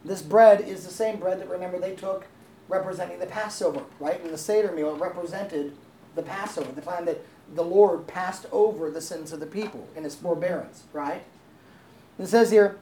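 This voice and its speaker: A woman's voice: lowish voice, normal speed, dark tone, slight background noise. A woman pastor preaching a sermon in a conversational way, often asking the congregation questions and laughing easily. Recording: roomy echo, faint ambience.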